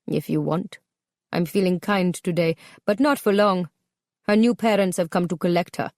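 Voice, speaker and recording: A woman's voice: lowish voice, normal speed, darkish tone, no echo, studio quality, natural voice. A woman narrator voicing a cold, controlling husband who speaks in curt, menacing commands. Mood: cold, commanding.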